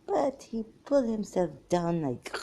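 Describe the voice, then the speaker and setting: A woman's voice: medium pitch, sing-song, a little slow, mellow. A woman, talking in a scattered, exasperated vlog monologue that jumps between topics. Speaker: ex-Muslim vlogger. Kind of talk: rambling monologue to camera.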